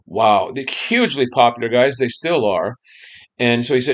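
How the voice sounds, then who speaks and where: A man's voice: medium pitch, animated, a little fast. Man giving a chatty music lecture. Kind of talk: classroom lecture.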